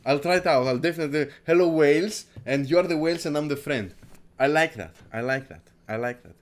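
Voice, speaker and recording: A man's voice: on the high side, fast talker. A man hosting a casual crypto livestream who rambles, repeats his words, swears and laughs a lot, from Greece. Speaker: crypto stream host.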